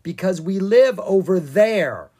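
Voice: mid-range voice, expressive, slow pace, warm tone, slightly rough, pitched above the performer's own voice. A reader voicing a nervous, sarcastic young boy dragon in a children's storybook, speaking in a worried, dry and whiny way. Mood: wary. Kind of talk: storybook character voice.

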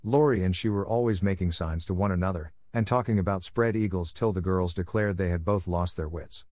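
A man reads a classic novel aloud as an audiobook, steady and measured. His voice is on the low side and recorded close and dry, with no room around it. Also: no echo. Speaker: narrator. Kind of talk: scripted audiobook narration.

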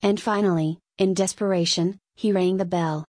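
A woman narrating a story as an audiobook in a measured storytelling way. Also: lowish voice, fairly even intonation, darkish tone, no room sound.

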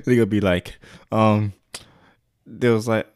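A man hosts a comedy podcast, joking, swearing, and telling stories in an animated, casual way. His voice sits on the low side with a clean tone, at a moderate pace with frequent pauses.

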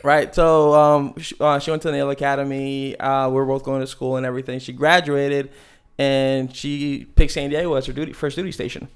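A man's voice: mid-range voice, level tone, a little fast, clean tone. A man in his thirties from Maryland, a podcast guest chatting casually with many fillers and laughs. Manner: rambling, lots of fillers and laughs. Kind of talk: casual interview chat.

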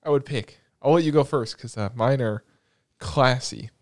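A man's voice: mid-range voice, moderate pace, no echo, clean studio sound. A man co-hosting a casual podcast chat, rambling and joking, swearing freely. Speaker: podcast co-host.

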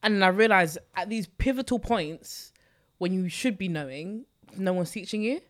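A young woman with a London accent, a podcast guest chatting casually about personal finance and telling stories in animated bursts. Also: medium pitch. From East London. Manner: animated storyteller, rapid bursts with sudden slow emphasis. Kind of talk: casual chat.

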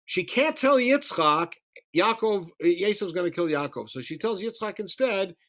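A man teaching a Bible study lesson, animated as he retells the story, reading Hebrew verses and translating them. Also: high voice, moderate pace. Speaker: Torah teacher.

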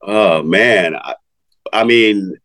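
Man, fifties, low voice, laid-back slangy chat, dry close sound. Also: drawn-out words, fairly bright tone, dry recording. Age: 50s. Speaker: music artist guest. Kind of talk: casual interview chat.

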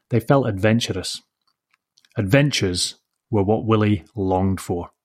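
A man hosting a podcast who reads a story aloud in a slow, measured, reflective way. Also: fairly low pitch, a little mellow.

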